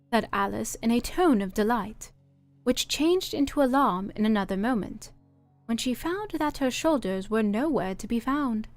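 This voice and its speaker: A woman reading a bedtime story in a calm, steady way. Her voice sits fairly high and sounds dry and close to the mic. Faint music plays underneath. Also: no echo.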